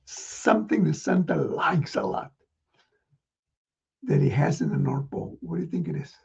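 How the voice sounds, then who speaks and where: A man telling a story to children in an animated way, gasping and speaking to his young listeners. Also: fairly high pitch, moderate pace, vocal fry, breathy edge. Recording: dull lo-fi recording.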